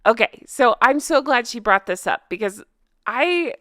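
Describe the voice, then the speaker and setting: A woman's voice: a little high, expressive, a little slow, fairly bright tone, dry recording, clean studio sound. A woman hosting a casual commentary vlog, sarcastic and laughing often. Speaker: commentary channel host. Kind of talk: casual commentary vlog, reading news aloud.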